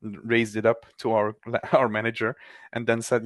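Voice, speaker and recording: A man in casual technical chat, animated, with quick restarts, acting out other people's lines. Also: lowish voice, dry recording.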